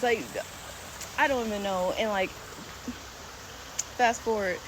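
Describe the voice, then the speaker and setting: A woman's voice: medium pitch, normal speed. A woman vlogging casually while hiking an outdoor trail, talking into a phone held at arm's length in a rambling, chatty way full of fillers and laughs. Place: outdoor nature trail near a pond. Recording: outdoor ambience with clear background noise.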